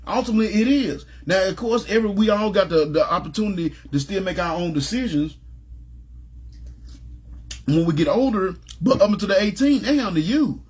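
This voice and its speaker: A middle-aged man gives informal Bible teaching in a casual, emphatic style, his voice high for a man with a husky edge, and his pace brisk. He uses plain everyday language and presses each point while often asking "you know what I'm saying" to make sure listeners follow.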